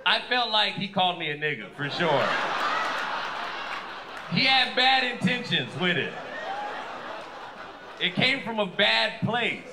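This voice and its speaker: A man from Fresno performing a stand-up comedy set, telling stories with loud acted-out quotes on a club stage. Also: sits high, very animated, a little slow, pauses often, slight background noise. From Fresno, California. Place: comedy club stage before a live audience.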